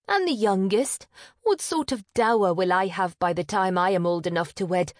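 A woman voicing a timid, tearful youngest sister who talks softly and sighs. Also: medium pitch, normal speed, no echo, clean studio sound, lightly acted. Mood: plaintive. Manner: soft, plaintive, sighing.

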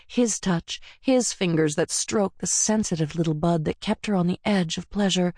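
A woman reading a romance audiobook in an intimate, sultry manner, dropping at times to a soft whisper, on a close studio microphone. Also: medium pitch, dry recording. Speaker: audiobook narrator. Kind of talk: scripted romance narration.

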